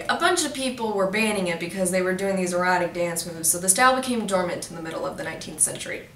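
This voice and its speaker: A woman presenting a jokey crash course, playful and teasing, with quick asides to her viewers. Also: fairly low pitch, expressive, noisy background. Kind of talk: jokey educational explainer. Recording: roomy echo, mic at a distance.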